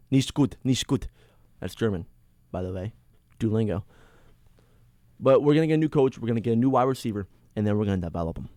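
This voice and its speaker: A man hosting a sports podcast, ranting alone in an excitable, rambling way with many restarts. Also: on the low side, no echo, clean studio sound. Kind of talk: casual solo sports rant.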